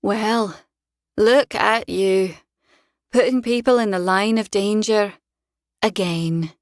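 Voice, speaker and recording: A man's voice: high-pitched, no room sound, clean studio sound, pitched above the performer's own voice. A man voicing a taunting ghostly mother. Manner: slow, taunting and drawn out. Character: mocking ghostly mother, cold and scornful. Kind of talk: audiobook character voice.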